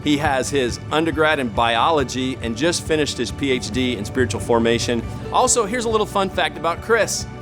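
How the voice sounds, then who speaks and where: A man's voice: medium pitch, animated, brisk. A man hosting at a church, introducing a guest speaker with enthusiasm. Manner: upbeat, enthusiastic. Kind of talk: stage introduction. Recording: music playing behind.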